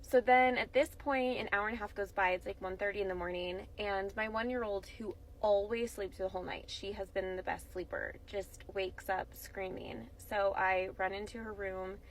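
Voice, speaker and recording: A young mother with a mid-range voice tells a story calmly to camera. She talks in a relaxed, conversational way, dotting her sentences with soft fillers. A faint bed of background noise sits under her voice. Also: mid-range voice, moderate pace, few pauses, low-quality recording.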